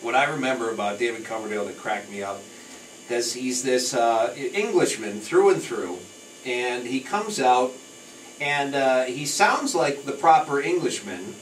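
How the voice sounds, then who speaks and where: A man hosting a radio show in casual on-air chat, lively and emphatic, laughing often. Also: medium pitch, unhurried. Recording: echoey, distant, faint noise.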